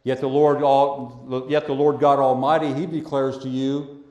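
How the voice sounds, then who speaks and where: A man preaching a sermon as pastor, emphatic, repeating phrases and swinging between loud declarations and hushed words. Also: mid-range voice, little pitch movement, measured pace, reverberant.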